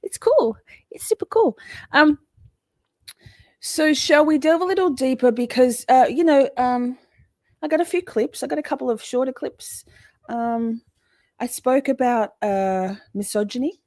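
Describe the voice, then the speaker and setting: A woman's voice: high voice, a little slow, darkish tone, no echo. Woman streamer, loose rambling commentary, salty language, dry unroomy mic. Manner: rambling, chatty, swears freely, breaks off to greet chat. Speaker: livestream host. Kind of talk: casual livestream commentary.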